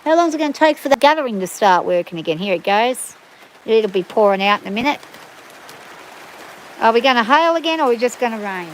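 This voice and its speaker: Australian woman, middle-aged, chatty and easygoing, a touch high-pitched, casual farm livestream. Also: expressive, a little fast, slight background noise, low-quality recording. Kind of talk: casual chat. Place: outdoors on a farm in the rain.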